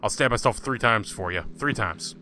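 A man's voice: fairly low pitch, normal speed, pushed and bright. A man hosting a casual gaming let's-play, joking sarcastically and talking back to the game's characters. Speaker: gaming channel host.

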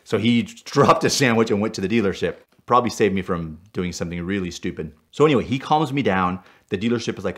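Excitable low-voiced storytelling man. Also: fast talker, few pauses. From Puerto Rico. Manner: excitable, loud bursts when reliving anger. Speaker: storyteller guest. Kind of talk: animated storytelling.

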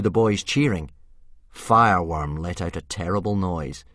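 Low-voiced man narrating an audiobook dramatically. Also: moderate pace, no room sound, studio quality. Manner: vivid, dramatic storytelling that drops to a hush in tense moments.

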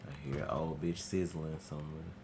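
A man streaming a horror game, talking to himself in casual, profane, excitable commentary. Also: rumbling low, normal speed, noisy background. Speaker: gaming streamer.

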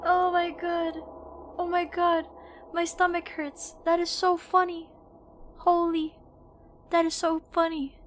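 A young woman streaming a retro shooter, excitable and quick to laugh and shriek at what happens in the game. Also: very high voice, a little hiss or hum. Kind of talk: live game commentary. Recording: game music loud behind her. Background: loud game music.

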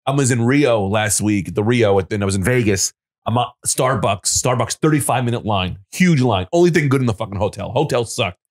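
A man's voice: mid-range voice, animated, brisk. Man, comedy podcast chatter, emphatic and profane storyteller. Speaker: comedian podcast co-host or guest. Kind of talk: casual comedy podcast chat.

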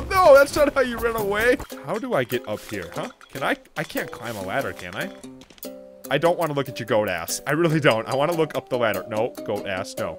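A man doing comedic gameplay commentary as a gaming YouTuber, giggling and swinging from high shrieks to low mutters. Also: sing-song, moderate pace, over music.

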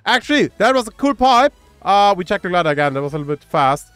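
A man with a German accent giving casual, excitable commentary on a mobile game while reading chat aloud. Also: high voice, fast, hardly any pauses, clear, resonant tone, no room sound, soft background music. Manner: excitable, cheers at pulls and reads chat aloud.

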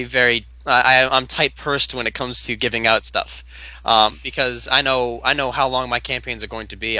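A man's voice: mid-range voice, sharp tone, no echo, low-quality recording. A man co-hosting a casual podcast about tabletop games, giving his views as a game master in an emphatic, opinionated way.

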